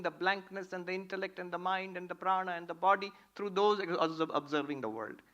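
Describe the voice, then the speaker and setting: A man, a monk giving a spiritual talk, telling stories in a lively, playful way. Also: high voice, fast, few pauses, lo-fi sound. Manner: animated, playful storyteller. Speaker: monk teaching Vedanta.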